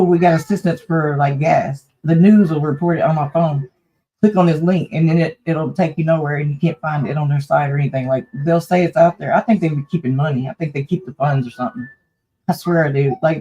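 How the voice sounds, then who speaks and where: A woman's voice: low-pitched, warm tone, highs cut off. Chatty woman, rambling. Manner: chatty, rambling, frank with mild cussing. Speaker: livestream host. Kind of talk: casual livestream chat.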